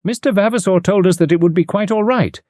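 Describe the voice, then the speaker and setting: A man's voice: high-pitched, fast, a little mellow, no echo, studio quality, pitched above the performer's own voice, close to an everyday voice. A man reading an audiobook, voicing a drawling, gushing society woman keen on séances.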